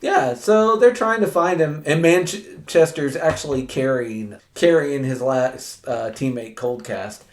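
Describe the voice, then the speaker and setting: Man, podcast co-host, casual chat, animated, laughs a lot. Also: mid-range voice, unhurried, hardly any pauses.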